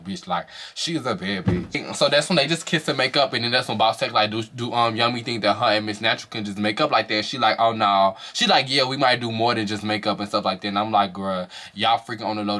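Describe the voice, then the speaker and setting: A man reviewing a reality show in a casual vlog, with animated, profane gossip and frequent swearing. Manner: slips into high, put-on falsetto for quoted reactions.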